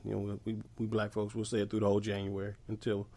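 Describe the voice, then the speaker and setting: A man's voice: on the low side, completely flat delivery, fast, mellow. A man co-hosting a podcast, chatting in a laid-back, easygoing way with plenty of ums. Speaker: podcast co-host. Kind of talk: casual podcast chat.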